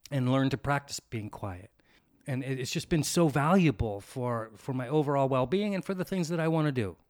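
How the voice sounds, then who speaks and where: A man's voice: mid-range voice, expressive, moderate pace, a little mellow, no echo, studio quality. A man hosting a podcast, talking in a reflective, easygoing way with frequent restarts. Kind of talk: casual podcast chat.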